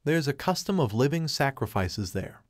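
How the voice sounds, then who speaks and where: A man reading a fantasy novel aloud as an audiobook narrator, in a steady, even delivery. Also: medium pitch, moderate pace, dry recording, studio quality. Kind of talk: scripted narration.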